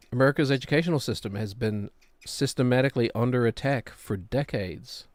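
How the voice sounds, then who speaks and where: A man's voice: mid-range voice, darkish tone, no echo, studio quality. A man, chatting casually and rambling while he streams a game. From New Zealand. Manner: rambling, musing, self-deprecating. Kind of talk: casual gameplay chat.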